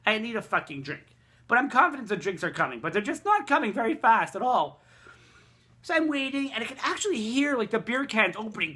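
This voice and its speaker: A man vlogging a casual, rambling rant, swearing heavily and excitably. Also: sits high, brisk, background noise.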